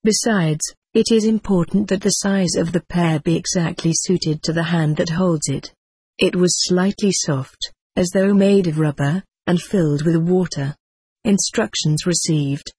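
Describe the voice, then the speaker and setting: An audiobook narrator giving an even, steady first-person reading. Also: medium pitch, breathy edge, no room sound.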